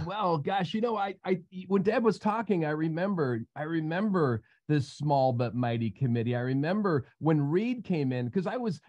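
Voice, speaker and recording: A man, a roofing company owner, telling a rambling, emotional story in a casual panel chat. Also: mellow. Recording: muffled low-fidelity audio.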